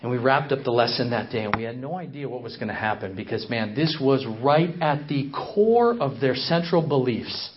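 A man's voice: mid-range voice, animated, normal speed, hardly any pauses, muffled recording, noisy background. A man speaking as a missionary in a sermon, telling a story, acting out the quotes and repeating phrases for emphasis.

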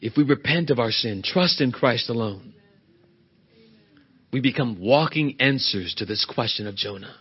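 A man preaching a sermon as pastor, swinging between loud emphatic peaks and hushed, low passages. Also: expressive, moderate pace, slightly rough, muffled recording.

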